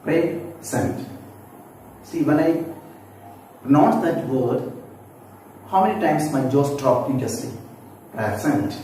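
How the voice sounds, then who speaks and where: A man teaching phonetics in a video lesson, explaining slowly and repeating himself with many asides. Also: on the high side, expressive. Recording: very echoey room, distant mic, faint noise.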